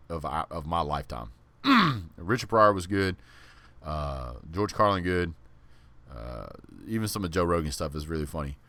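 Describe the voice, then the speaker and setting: Deep voiced guy hosting a sports stream, laid back, rambling casual chat. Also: a bit bright. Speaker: host of a sports channel.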